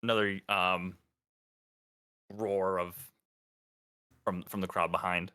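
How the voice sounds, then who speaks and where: A man with a low, bright voice narrates as dungeon master of a tabletop game. He talks haltingly, with frequent ums and restarts, and slips into character voices along the way. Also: level tone, clear, resonant tone. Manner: hesitant, lots of ums, voices characters in passing.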